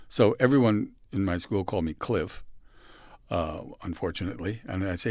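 A man from San Francisco, a guest in an interview, telling personal stories in a halting, reflective way and dropping softly when he quotes others. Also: low-pitched, no echo, studio quality. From San Francisco, USA. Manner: halting with restarts, soft dramatic dips when quoting others.

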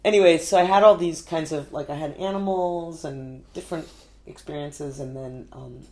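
A woman's voice: sits low, moderate pace, darkish tone. Woman guest, New York, casual storyteller, laughs often, filler-heavy. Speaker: artist guest.

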